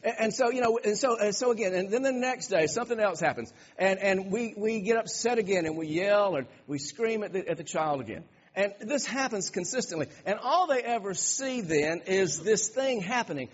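Male pastor, sermon delivery, high husky voice, emphatic with stumbling restarts; lo-fi church hall recording. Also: lively intonation, normal speed, few pauses. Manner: emphatic, repeats words and restarts phrases. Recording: dull lo-fi recording with long hall reverb.

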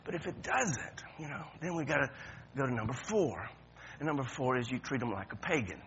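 Animated preacher, sermon, lo-fi sound. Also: male voice, medium pitch, fairly quick, slight background noise. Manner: conversational preaching, with stammered restarts and sudden emphatic rises. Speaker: pastor.

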